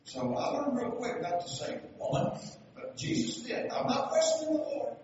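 A man preaching a sermon, telling stories and building to loud, emphatic passages. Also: extremely high pitch, moderate pace, slight background noise. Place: church sanctuary. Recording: echoey hall, from far off, dull sound.

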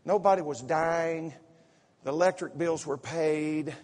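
Fervent folksy preacher, slight Southern drawl. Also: male voice, fairly high pitch, unhurried. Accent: Southern US, slipping in from home visit. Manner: excitable, folksy preaching with repetitions and asides. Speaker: pastor. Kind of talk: sermon. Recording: echoey sanctuary reverb.

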